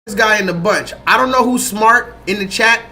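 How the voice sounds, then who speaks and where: A man hosting a livestream, talking loosely and profanely to his chat in a rambling, animated way. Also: high-pitched, normal speed. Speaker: livestream host. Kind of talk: livestream commentary.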